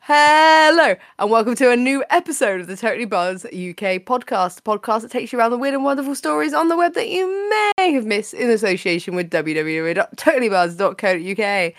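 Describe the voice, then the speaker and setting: A woman's voice: a little high, fast talker, few pauses, no echo, studio quality, faint music behind. A woman hosting a podcast, chatting casually with her co-host in a playful, teasing way, laughing often.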